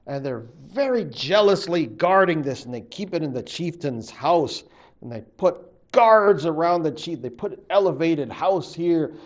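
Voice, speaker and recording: A male professor retelling a legend to his class, with a voice pitched a touch higher than most men's. His delivery swoops and bounces through a wide melodic range. He is chatty and playful, and he drops into voices for the story's characters. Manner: chatty, animated, acts out voices. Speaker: college literature professor. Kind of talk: storytelling lecture.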